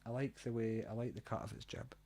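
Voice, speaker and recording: A middle-aged Glaswegian man in relaxed chat, talking in an even, mid-pitched voice. He is blunt and opinionated, swears without a second thought, and laughs easily between points. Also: fast talker. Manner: blunt, chatty, laughs often, swears freely. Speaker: guitar reviewer co-host. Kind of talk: casual chat.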